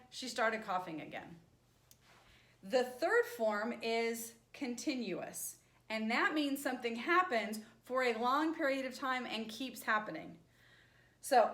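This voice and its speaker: In an echoey room, a woman sign language teacher lectures her class on grammar with patience, frequently pausing to ask "right?". Her voice sits on the high side and has a fairly bright tone.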